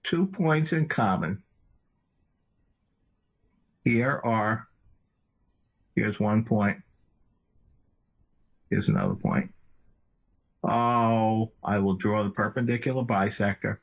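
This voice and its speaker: A man's voice: lowish voice, animated, takes it slowly, vocal fry, pauses often. A man working through a geometry problem as a math tutor, talking in a hesitant, methodical way.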